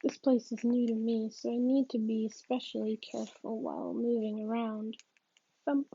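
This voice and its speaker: A woman's voice: fairly high pitch, level tone, moderate pace, gravelly, dark tone, breathy edge, lo-fi sound. A woman reading a novel aloud, hesitant and often restarting her sentences. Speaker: reader.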